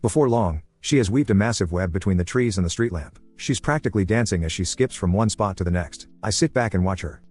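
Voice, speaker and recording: A man narrating a first-person story in a calm, even, plain telling. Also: on the low side, a little fast, hardly any pauses, dry recording, faint music behind.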